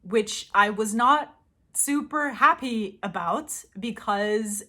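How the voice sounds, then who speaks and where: A woman's voice: fairly high pitch, takes it slowly, sharp tone. Young woman, mixed british-canadian accent, rambling, tangent-prone, casual chat, vlogger. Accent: mix of British and Canadian English. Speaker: language-learning vlogger.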